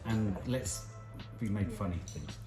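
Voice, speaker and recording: A woman's voice: a bass voice, unhurried, roomy sound, over loud music. A woman co-hosting a show, in playful, casual chat with a sister. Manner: chatty, playful and swearing. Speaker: co-host.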